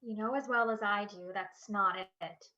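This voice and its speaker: A woman's voice: mid-range voice, a little slow, bright, forceful tone, dull audio. A young woman playing a torn female university student who pleads hesitantly with her boyfriend in a radio drama. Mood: pleading. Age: young adult. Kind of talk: amateur radio drama acting.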